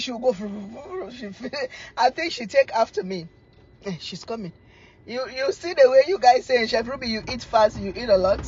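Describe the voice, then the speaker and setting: A middle-aged woman, chatting casually to camera as a cooking vlogger, telling stories in a teasing, animated way and laughing often. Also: a little high, husky, lo-fi sound.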